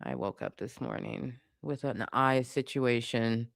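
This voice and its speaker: A sarcastic vlogger picks apart song lyrics from the couch at home and laughs through most of it. The pitch swings up and down a lot, but the delivery is unhurried. The recording sounds dry and close. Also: gravelly, dry recording. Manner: laughs often, sarcastic and animated. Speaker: YouTube commentator. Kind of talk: casual reaction commentary on song lyrics. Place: home, living room with a couch and a cat.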